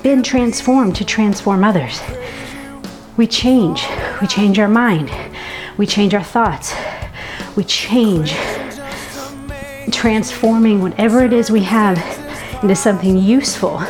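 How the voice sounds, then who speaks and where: A woman delivers a sermon at an unhurried, deliberate pace, earnest and reflective, with the odd soft laugh. Her voice sits at a middle pitch. Music plays clearly underneath her. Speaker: preacher.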